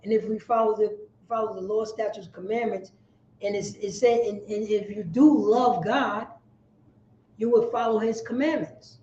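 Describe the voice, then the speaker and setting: A man teaching a Bible class, forceful and preachy, repeating his points for emphasis. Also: high voice, fairly even intonation, normal speed. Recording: echoey room, dull lo-fi sound.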